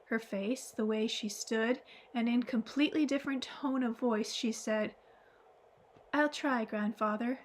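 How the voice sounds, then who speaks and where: A woman narrating an audiobook at a steady pace, stumbling and restarting now and then. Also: a little high, moderate pace, few pauses. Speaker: audiobook reader.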